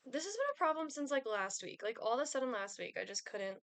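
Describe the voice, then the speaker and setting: A woman's voice: fairly high pitch, big pitch swings, fast talker, fairly bright tone, dry recording. A young woman streaming a life-sim game, chatting casually with lots of fillers and giggles. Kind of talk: casual gameplay chat.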